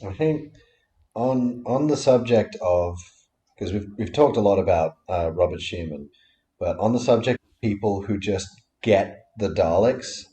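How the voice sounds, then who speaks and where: Low-voiced man, excitable podcast guest. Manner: enthusiastic, swears casually, talks in quick bursts. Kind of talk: casual chat.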